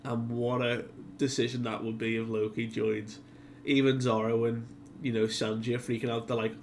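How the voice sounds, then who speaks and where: Chatty guy recapping a manga chapter, mid-pitched, lots of "like", bit of faint hiss. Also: little pitch movement, moderate pace. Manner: chatty, many fillers, acts out quotes. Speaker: manga discussion video host. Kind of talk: casual chapter recap and commentary.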